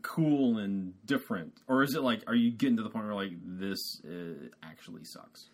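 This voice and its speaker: A man's voice: on the low side, moderate pace. A middle-aged man from the American South co-hosting a podcast, rambling and hedging in casual chat, laughing easily. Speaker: podcast co-host.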